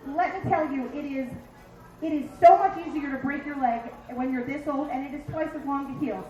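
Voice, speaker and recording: Comic, woman, 50s, from Philly: very high voice, brash and profane, echoey bar stage. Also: a little hiss or hum. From Philadelphia. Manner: brash, profane, punchy delivery with acted-out asides. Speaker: stand-up comedian. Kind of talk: stand-up comedy set.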